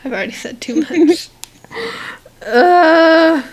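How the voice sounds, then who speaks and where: A woman's voice: very high voice, lively intonation, slow pace. A teenage girl co-hosting a podcast, chatting casually, rambling with lots of fillers and giggles. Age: teens. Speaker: podcast co-host. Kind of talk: casual chat.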